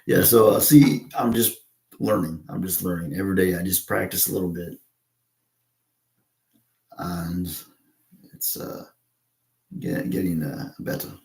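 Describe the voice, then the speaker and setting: American man, low voice, gravelly fry, halting casual monologue, echoey room. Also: fairly even intonation, darkish tone. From United States. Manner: halting, with many fillers and restarts.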